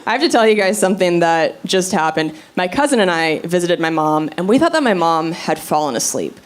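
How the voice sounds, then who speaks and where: A woman performing a brash, animated stand-up set on a club stage. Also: fairly low pitch, brisk. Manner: brash, animated storytelling with quoted voices. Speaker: stand-up comedian. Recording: loud crowd and room noise. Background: crowd laughing.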